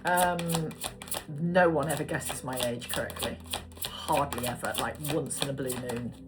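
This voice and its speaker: A woman's voice: rumbling low, fairly even intonation, a little slow, heavy background noise. A British woman in her forties doing a casual tarot reading, chatty and given to swearing and tangents. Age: 40s. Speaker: tarot card reader.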